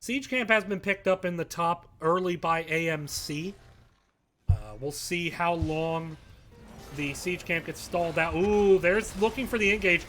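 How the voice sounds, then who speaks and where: A man giving live play-by-play commentary on an esports match, calm between plays and shouting with excitement at big fights. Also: high voice, measured pace, soft background music. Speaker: esports caster.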